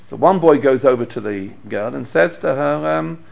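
A man's voice: mid-range voice, moderate pace, vocal fry, few pauses. A man giving a Torah lecture as a rabbi, telling stories, acting out the quotes and chuckling now and then. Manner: animated storyteller, acts out quotes, chuckles. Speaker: rabbi teaching a class.

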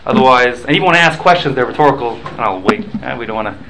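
A man lectures a small Talmud class at an easy, conversational pitch. He halts, repeats words and restarts as he explains each rule with examples. A faint noise sits under the recording. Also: animated, rapid-fire. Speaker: Torah class teacher.

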